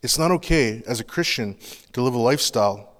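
A pastor giving an earnest, confessional sermon in a loose, conversational way, full of casual fillers. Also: male voice, medium pitch, lively intonation, fairly quick, a bit bright, long reverb tail.

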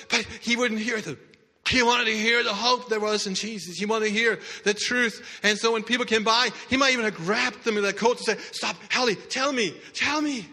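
A male preacher telling a Bible story dramatically in a sermon, often dropping to a hush. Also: very high-pitched. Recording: reverberant hall.

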